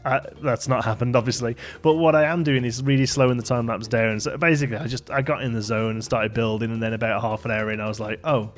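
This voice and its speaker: A man's voice: medium pitch, steady tone, fast, few pauses, faint music behind. A tired man chatting casually over a building game, rambling with plenty of fillers and self-deprecating asides. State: tired, yawning. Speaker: gaming YouTuber. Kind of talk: casual let's play commentary.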